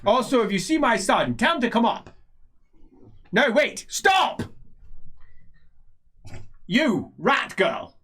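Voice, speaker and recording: A man's voice: very high-pitched, sing-song, quick pace, few pauses, a bit bright, pitched above the performer's own voice, exaggerated voice. A man voicing a grumpy, blunt old man who rambles and stammers in a tabletop game. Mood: commanding. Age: older.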